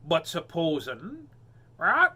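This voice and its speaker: A man voicing a squawking pirate parrot in a read-aloud storybook, with shouted exclamations. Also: on the high side, huge pitch swings, slow pace, husky, exaggerated voice.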